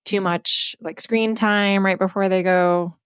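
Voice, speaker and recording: A woman's voice: medium pitch, fairly even intonation, slow pace, fairly bright tone, clean tone, no room sound, clean studio sound. A woman in her thirties, co-hosting a podcast, candidly retelling a story with casual swearing. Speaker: podcast co-host.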